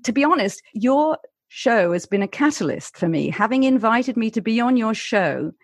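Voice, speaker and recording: British rp lady, former broadcaster, lively and wry, dry close sound. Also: fairly high pitch, moderate pace, no room sound. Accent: English received pronunciation. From Britain. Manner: articulate, lively, wry humor. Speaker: guest, author and former broadcaster. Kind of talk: interview conversation.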